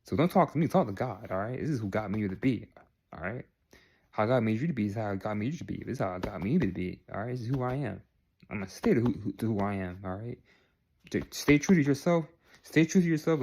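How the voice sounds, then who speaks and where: A man's voice: lowish voice, animated, fast, darkish tone, breathy edge. A young man talking straight to the camera, earnest and repetitive, ending his points with "all right?". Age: young adult. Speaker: vlogger. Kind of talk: direct-to-camera monologue.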